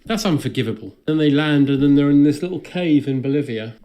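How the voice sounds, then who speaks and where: A man's voice: on the high side, expressive, fairly quick, mellow. A man co-hosting a comedy podcast, recapping a film in a dry, sardonic way. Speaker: podcast co-host.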